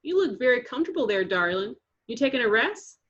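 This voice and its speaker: A woman's voice: fairly high pitch, sing-song, a little fast, a bit bright, slight background noise, pitched above the performer's own voice. A woman voicing a grown-up female crossing guard who speaks dryly and firmly to a child. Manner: dryly teasing, then firm. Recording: dull lo-fi recording.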